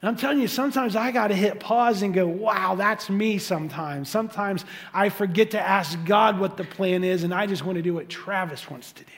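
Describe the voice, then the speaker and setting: A man delivers a sermon, his voice sitting high for a man. He talks animatedly, slipping into the voices of the people he quotes. A long reverb from the hall trails each phrase. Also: fairly quick, few pauses. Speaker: pastor.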